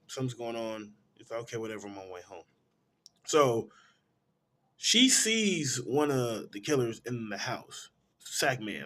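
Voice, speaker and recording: A man reviewing films, retelling a movie's plot in a casual, animated way full of slang. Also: medium pitch. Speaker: film reviewer.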